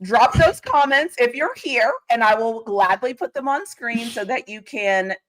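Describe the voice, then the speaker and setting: A woman's voice: on the high side, a little slow. A woman hosting a casual sports live stream, chatty and teasing, reading out viewer comments with frequent laughs.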